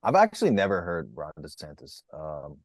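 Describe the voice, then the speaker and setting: A man in casual chat as a comedian guest, with dry, deadpan quips. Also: a bass voice, normal speed, no echo.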